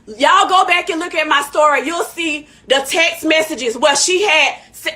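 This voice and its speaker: A woman's voice: high-pitched, moderate pace, hardly any pauses, sharp tone. A woman hosting a live stream in casual chat, heated and emphatic, repeating her points. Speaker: livestream host.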